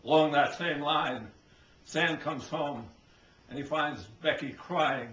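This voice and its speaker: A man telling jokes in a stand-up style, animated and switching into voices for his characters, recorded on a camcorder indoors. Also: a little high, slow, a little hiss or hum. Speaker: joke teller. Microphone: handheld camcorder. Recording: echoey lo-fi camcorder audio.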